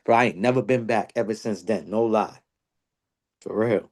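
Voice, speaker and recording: Animated man telling a story. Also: moderate pace. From Boston area. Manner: animated storyteller, slang-heavy, jumps high when quoting people. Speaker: podcast host. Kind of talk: casual storytelling chat.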